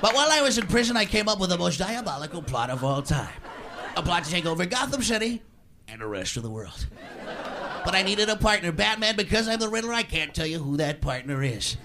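A man voicing a scheming male supervillain who reads out a riddle letter in a deep, theatrical voice, in a noisy live recording. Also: very animated, a little fast, a crowd in the background.

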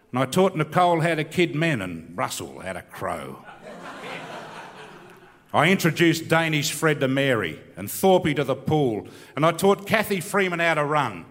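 A man's voice: a little high, fairly bright tone. Australian man reciting comic bush poetry. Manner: laconic, rambling storytelling with restarts. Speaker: comedian and bush poet. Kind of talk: stand-up comedy with recited poem. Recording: long hall reverb.

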